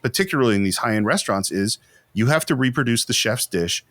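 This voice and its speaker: A man co-hosting a podcast, chatting casually and in an animated way about a film, acting out quotes as he goes. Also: mid-range voice, dry recording. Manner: animated, quick asides, acts out quotes. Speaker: podcast co-host.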